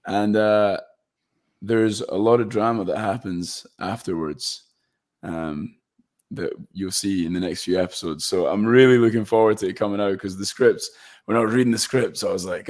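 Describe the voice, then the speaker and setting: A young man from Scotland talks casually as a guest actor, with a slightly low voice. He rambles and restarts often, leaning on plenty of fillers. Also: moderate pace, darkish tone. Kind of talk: casual interview chat.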